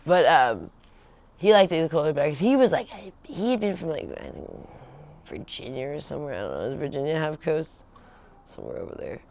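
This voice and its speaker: A woman's voice: sits low, very animated, moderate pace, vocal fry, pauses often, a little mellow. A woman hosting a home livestream, chatting in a rambling, casual way, laughing often and acting out the voices of people she quotes. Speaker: livestream host.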